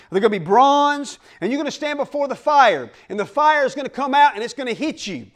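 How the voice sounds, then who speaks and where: A male pastor preaching a sermon, emphatic and folksy, calling out to the congregation. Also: very high-pitched. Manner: folksy plain speech.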